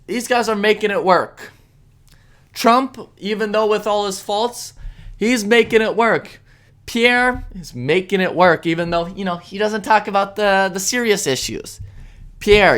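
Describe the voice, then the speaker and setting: A man's voice: sits high, a bit bright. A man, hosting a podcast and delivering an impassioned, blunt political monologue. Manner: impassioned and blunt, with sarcastic mock-voices. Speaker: podcast host.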